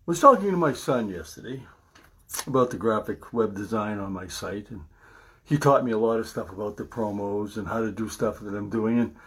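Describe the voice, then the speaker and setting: A man's voice: lowish voice, expressive, normal speed, a bit bright, slightly rough. A middle-aged man hosting his podcast in a casual, rambling monologue, chatty and laughing often as he restarts his sentences. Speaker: podcast host.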